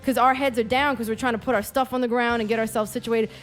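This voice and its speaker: A woman in a casual podcast chat, telling stories in an animated, profane way. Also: fairly high pitch, fast, soft background music.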